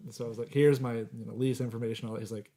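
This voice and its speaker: A man's voice: mid-range voice, very fast, crowd noise. Young man casually telling a mishap. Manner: relaxed, chuckles through his own story. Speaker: podcast co-host. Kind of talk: casual storytelling among friends.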